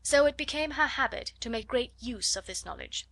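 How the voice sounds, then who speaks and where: A woman's voice: fairly high pitch, creaky, no room sound. Woman narrating a classic audiobook. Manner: measured, expressive storytelling. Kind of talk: scripted narration.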